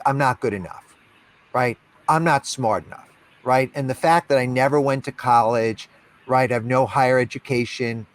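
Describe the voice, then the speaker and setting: A man's voice: medium pitch, no echo. A man talking as a podcast guest, telling candid stories with emphasis, repeating phrases and filling with "you know" and "right". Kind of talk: candid conversational storytelling.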